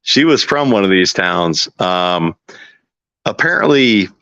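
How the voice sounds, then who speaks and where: A man's voice: sits low, expressive, slow, bright, forceful tone, clear, resonant tone, no room sound. A man from Texas chatting casually on a livestream, laid-back, laughing easily and swearing freely. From Texas, USA. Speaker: podcast guest. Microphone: video call. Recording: dull, lo-fi stream audio.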